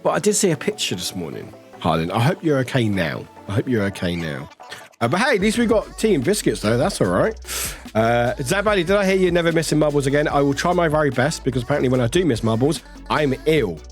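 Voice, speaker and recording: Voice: mid-range voice, sing-song, faint music behind. Chatty streamer reading chat aloud. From United Kingdom. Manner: chatty, rambling, warm toward chat, quick laughs. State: slight lingering cough.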